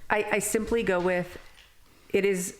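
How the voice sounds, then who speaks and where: A woman's voice: medium pitch, steady tone, unhurried, a little hiss or hum. A woman therapist speaking as a podcast guest, compassionate and reflective. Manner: compassionate, reflective, asks probing why questions.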